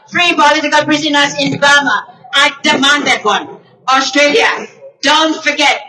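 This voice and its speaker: A woman delivers an emphatic, emotional protest speech at an outdoor rally. Her voice is high and bright, and she was recorded at a distance from the mic. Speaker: rally speaker.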